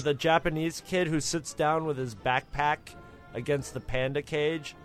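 A man with a slightly high voice tells long, rambling stories in a casual movie commentary, swearing and laughing as he goes. Soft music plays faintly behind him. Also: fairly even intonation, moderate pace. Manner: rambling, laughing, profane storytelling.

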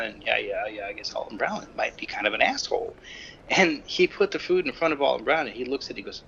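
A man telling stories in a casual podcast chat, animated and swearing freely. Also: medium pitch, moderate pace, vocal fry, highs cut off, a little hiss or hum. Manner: animated storyteller, acts out quotes, swears freely. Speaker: podcast co-host.

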